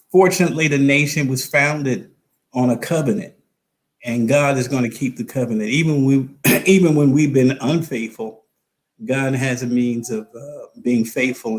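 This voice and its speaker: A middle-aged man, a pastor, talking in a fervent, preacherly way on a live stream and repeating phrases for emphasis. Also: mid-range voice.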